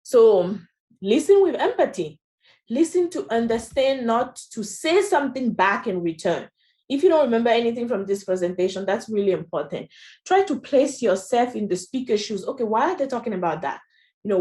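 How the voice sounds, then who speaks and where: A woman's voice: a little high, lively intonation, moderate pace, mellow. A woman with a French accent presenting a training session in a chatty way, often adding "you know" and "right?". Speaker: workshop presenter.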